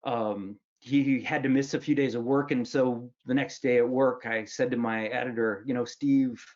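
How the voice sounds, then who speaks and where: A man's voice: mid-range voice, steady tone, moderate pace, a little mellow, muffled recording. A man in his fifties from Wisconsin, an author giving a humorous storytelling speech in a self-mocking way, full of ums and restarts. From Wisconsin, United States. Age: 50s. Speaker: author giving a luncheon talk.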